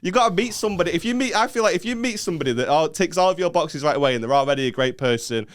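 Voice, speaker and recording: A man from northern England rattles through his opinions at a quick clip, blunt and full of swearing. His voice is dry and close to the mic, with no room sound. He talks casually, like a podcast co-host. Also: on the high side, lively intonation, dry recording. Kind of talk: casual chat.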